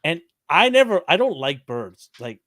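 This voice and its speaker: A man co-hosting a podcast, telling a story in casual chat, animated and laughing, acting out the quotes. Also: fairly high pitch, normal speed, dry recording. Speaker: podcast co-host.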